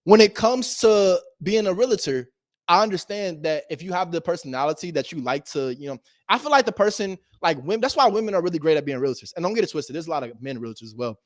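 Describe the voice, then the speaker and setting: Animated slangy man, a bit high-voiced. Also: quick pace, no echo, studio quality. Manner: animated, swings between loud emphasis and low asides, laughs often; slangy and direct, addresses viewers as bro. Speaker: real estate investor and video host. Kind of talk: casual motivational talk to camera.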